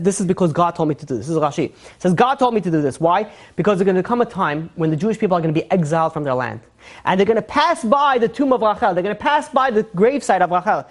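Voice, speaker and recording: A woman giving a religious lesson, telling stories in an animated way and acting out the quotes, with lots of repetition and fillers. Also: medium pitch. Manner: fast, repetitive speech with fillers. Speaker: Torah teacher.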